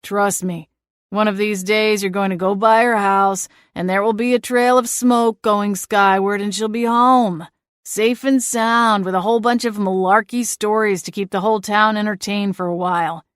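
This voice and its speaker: A woman's voice: mid-range voice, fairly even intonation, moderate pace, no echo, studio quality, natural voice. A woman voicing an exasperated, long-winded male small-town sheriff who talks down to others.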